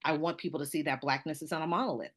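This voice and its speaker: Southern American woman, low-pitched, lively storyteller, interview guest. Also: racing. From Southern United States. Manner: animated, laughing, storytelling. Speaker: author being interviewed. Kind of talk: conversational interview.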